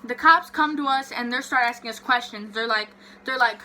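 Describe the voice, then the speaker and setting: A young woman vlogger telling a story in a casual, animated way, swearing freely and saying "like" a lot. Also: a little high, a little fast, hardly any pauses, slight background noise.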